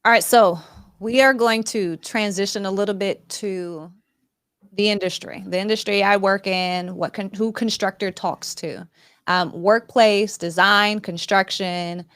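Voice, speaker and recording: A woman's voice: mid-range voice, steady tone, measured pace, fairly bright tone, smooth, no room sound. Woman interviewer, hesitant delivery, dry booth-like sound, asks about negotiation. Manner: hesitant, many fillers and restarts. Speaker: host, workplace and construction industry. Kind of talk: conversational interview.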